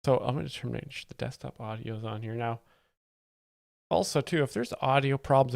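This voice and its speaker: Gravelly man dryly explaining jokes. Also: medium pitch, moderate pace, a bit bright, no echo. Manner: rambling, dry mock-serious explaining. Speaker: livestream host. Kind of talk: live comedy commentary.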